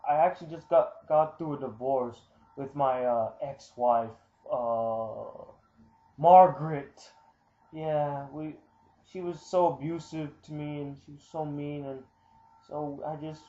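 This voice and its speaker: A man's voice: a little high, mellow, lightly acted. A man voicing a flustered husband who stammers and halts while making up a lie, in a roomy, muffled lo-fi recording. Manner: stammering, halting, full of fillers.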